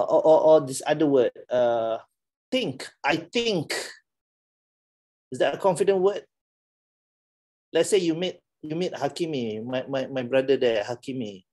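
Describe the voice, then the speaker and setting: A man's voice: a little high, dark tone. A middle-aged man with a Malaysian English accent, giving a playful, teasing classroom talk and laughing often. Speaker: lecturer.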